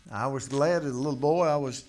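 A man preaching a folksy sermon, telling stories from his childhood and rising now and then into loud exhortation. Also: mid-range voice, brisk. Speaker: pastor. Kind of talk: folksy sermon with personal story.

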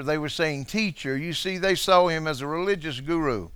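Bright-voiced man preaching with fiery swings. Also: a little high, moderate pace, hardly any pauses, clean tone, dry recording. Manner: dramatic preaching, swings from hushed to shouting; calls out to congregation members. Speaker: pastor. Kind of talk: sermon. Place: church.

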